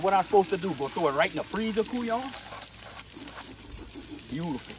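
A man with a Louisiana Cajun accent hosting a hands-on how-to demonstration, boisterous and full of slang. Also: brisk. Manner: boisterous and slangy, says dude and boom a lot. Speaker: host. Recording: distant mic with loud outdoor noise.

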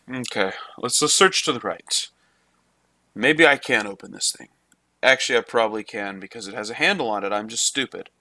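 A man talking his way through a game in a let's play, with a bright, forceful voice. He swears freely and keeps up a running chat with himself and the screen. The sound is close and dry. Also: mid-range voice, animated, normal speed, no echo. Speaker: gamer. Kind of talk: let's play gameplay commentary.

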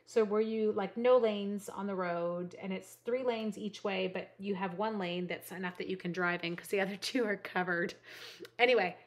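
A woman's voice: mid-range voice, fairly even intonation, normal speed. A woman in her forties from Canada, chatting casually on a livestream, laughing often and greeting her viewers by name. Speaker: livestream host.

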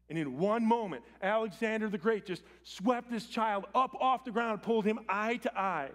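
A man preaching a sermon as pastor in a church, swinging from loud urgent appeals to quiet, intimate lines. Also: fairly high pitch, brisk, hardly any pauses. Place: church sanctuary.

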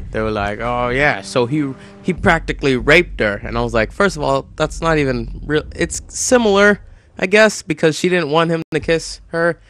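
A man's voice: medium pitch, fairly bright tone. Teen boy, gameplay commentary, rambling story, many restarts, faint music. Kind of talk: casual storytelling over gameplay.

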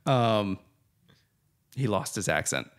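A man's voice: fairly low pitch, slow pace. Analytical man doing film commentary. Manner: analytical, academic, animated. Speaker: podcast co-host.

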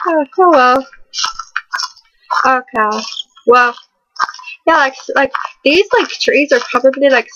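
A woman's voice: fairly high pitch, fairly bright tone. A teenage girl rambling and giggling through horror game commentary, stuffed with fillers and breaking into panicky outbursts. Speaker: gaming channel host. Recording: dull lo-fi recording with clear background noise.

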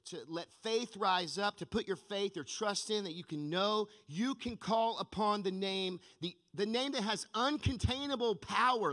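A man's voice: sits high, a bit bright. A man preaching a sermon as pastor, telling stories with energy in a church sanctuary. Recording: long reverb of a large church hall.

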